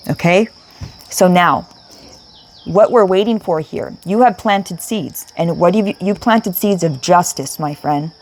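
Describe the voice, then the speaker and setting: A woman's voice: lowish voice, unhurried, a little mellow. A woman giving an emotional spiritual tarot reading, speaking emphatically, repeating herself and swearing casually. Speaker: tarot reader.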